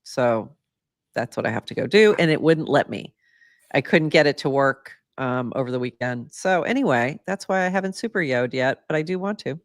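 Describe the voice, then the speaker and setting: Woman, low voice, dry close sound, playful casual podcast chatter. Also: expressive, no echo. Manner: chatty, playful, quick to laugh. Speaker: podcast co-host. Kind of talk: casual chat.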